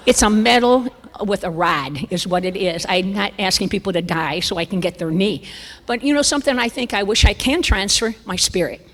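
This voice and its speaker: A woman in her seventies giving a conference talk, a lively, self-mocking storyteller. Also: mid-range voice, moderate pace, a little hiss or hum. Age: 70s. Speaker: conference speaker. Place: church sanctuary. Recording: reverberant church hall.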